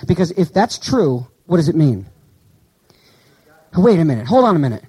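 Conversational preacher man, dark voice. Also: fairly high pitch, sing-song, breathy edge, poor audio. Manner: conversational preaching, asks the audience questions, reads Greek words slowly. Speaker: pastor. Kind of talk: sermon.

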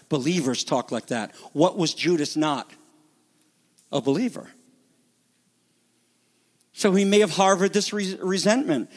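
A middle-aged man preaching a sermon in an animated way, acting out the voices he quotes. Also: high voice. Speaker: pastor.

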